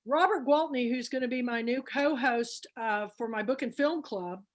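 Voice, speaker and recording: A woman with a somewhat high voice hosts a book club chat with eager, rambling enthusiasm. Her thoughts tumble out with fillers and restarts over a video-call mic. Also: moderate pace.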